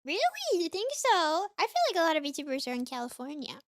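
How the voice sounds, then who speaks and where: A woman's voice: high voice, lively intonation, fast, no room sound, studio quality. A young woman from the US South with a light Southern accent, sounding sniffly and congested, chatting in a rambling way full of "like" while streaming a game. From US South (Florida, Mississippi). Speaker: VTuber streamer. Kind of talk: casual gaming stream chat.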